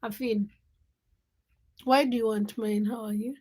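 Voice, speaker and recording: A woman's voice: fairly high pitch, steady tone, a little slow, mellow. A young woman hosting a casual late-night livestream, chatting and teasing viewers by name as she reads their comments. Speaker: livestream host.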